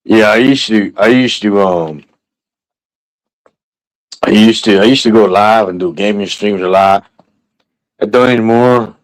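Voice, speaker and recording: A man's voice: lowish voice, measured pace, pauses often, rough recording. A man hosting a livestream, chatting casually and rambling with restarts. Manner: rambling, repeats himself, relaxed. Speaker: livestream host. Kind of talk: casual stream chat.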